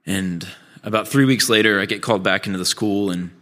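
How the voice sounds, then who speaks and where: A man's voice: fairly low pitch, brisk, a bit bright. A man, a pastor, giving a sermon with candid, self-deprecating storytelling. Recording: long church hall reverb.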